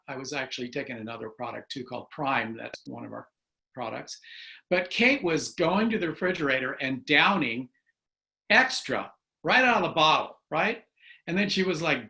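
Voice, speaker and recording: A man's voice: fairly high pitch, bright, forceful tone. A man in his sixties, an enthusiastic guest telling stories in a casual video call chat. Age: 60s. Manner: enthusiastic storyteller.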